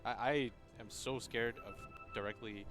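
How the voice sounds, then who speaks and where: A man's voice: mid-range voice, steady tone, measured pace, music in the background. A man commentating a live esports match, talking in an eager, self-deprecating way.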